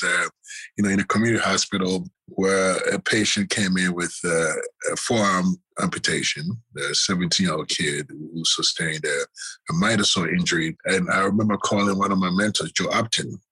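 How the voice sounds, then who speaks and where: A man's voice: low voice, steady tone, moderate pace, sharp tone, slightly rough, rough recording. A man, a surgeon, telling stories from his career in a casual, rambling way, full of fillers and small chuckles. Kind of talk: casual anecdotal storytelling.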